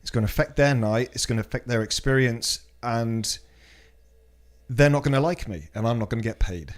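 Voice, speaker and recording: A British man talking casually on a podcast in a voice of ordinary pitch. He tells personal stories bluntly and swears freely, with a quick, frank delivery.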